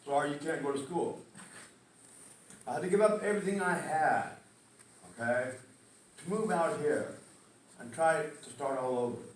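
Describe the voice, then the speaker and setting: A man's voice: on the high side, moderate pace, long pauses, far from the mic, a little hiss or hum. A man speaking emotionally at a community meeting, stressing points with a repeated "okay?". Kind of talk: public testimony at a meeting. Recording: echoey hall, picked up from afar.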